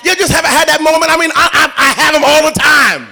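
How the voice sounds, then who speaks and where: A man preaching a sermon in an animated way, telling stories with playful asides and building up to shouting. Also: very high-pitched, fast talker.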